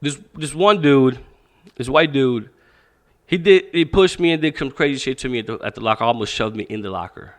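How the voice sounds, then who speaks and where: Fairly quick and mid-range in pitch, this male boxing coach shares stories as a podcast guest. The casual interview finds him animated and profane, voicing out the quoted speech of the people in his anecdotes.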